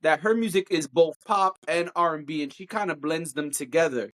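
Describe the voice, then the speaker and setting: A podcast co-host in casual, animated chat, teasing and opinionated. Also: a little fast. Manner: animated, jumps pitch to mimic singers.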